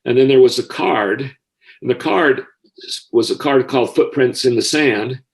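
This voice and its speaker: Older American man, guest storyteller, sincere and emotional, mid-pitched voice. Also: normal speed, vocal fry, low-quality recording. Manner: heartfelt, gets emotional easily. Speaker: guest, former school counselor. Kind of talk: personal storytelling.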